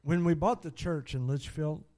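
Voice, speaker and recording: His voice sits fairly high and moves at a moderate pace as this middle-aged man delivers a sermon through stories. He's animated throughout, exclaiming hallelujah a lot and laughing at his own stories.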